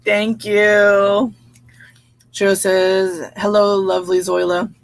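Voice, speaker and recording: A woman hosting a relaxed livestream, chatting with viewers, laughing often and reading their comments aloud. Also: mid-range voice, slow. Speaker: livestream host reading chat. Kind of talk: casual live chat.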